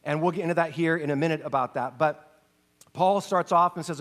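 A middle-aged man preaching a sermon, telling a personal story earnestly, his voice dropping soft and low in emotional passages. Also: fairly quick. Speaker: pastor.

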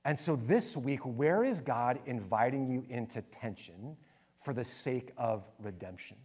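A man's voice: mid-range voice, animated, measured pace, a little mellow, husky. Earnest man in his forties preaching. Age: 40s. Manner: earnest storytelling, candid and self-deprecating. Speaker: pastor. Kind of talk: sermon.

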